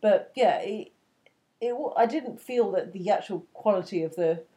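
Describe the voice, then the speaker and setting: A woman co-hosting a podcast in loose, casual chat. She is blunt and swears freely, breaking into laughter often, and her voice sits in an ordinary middle pitch. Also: moderate pace, dark tone, lo-fi sound. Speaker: podcast co-host.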